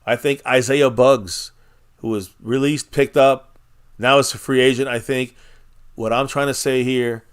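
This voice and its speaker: A man's voice: medium pitch, steady tone, measured pace, smooth. A man hosting a casual live-stream chat, rambling and blunt, swearing freely and reading viewers' comments aloud.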